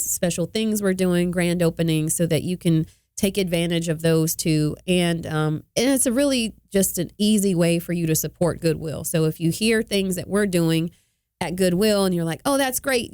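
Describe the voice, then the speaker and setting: A woman's voice: fairly low pitch, a little mellow, dry recording. A woman co-hosting a talk show in a studio, chatting in an upbeat, easygoing way and laughing easily. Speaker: co-host. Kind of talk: casual talk show chat.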